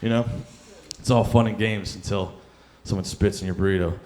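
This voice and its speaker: A man's voice: fairly low pitch, fairly even intonation, normal speed, darkish tone, a little hiss or hum. Rambling young man doing stand-up. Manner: rambling, self-deprecating, with many fillers. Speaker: stand-up comic. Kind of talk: stand-up comedy set. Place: comedy club stage.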